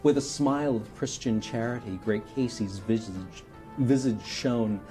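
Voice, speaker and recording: A man's voice: mid-range voice, measured pace, warm tone, soft background music. Man reading like a radio announcer. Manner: mock radio announcer delivery. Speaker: charity stream performer. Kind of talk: dramatic poetry reading.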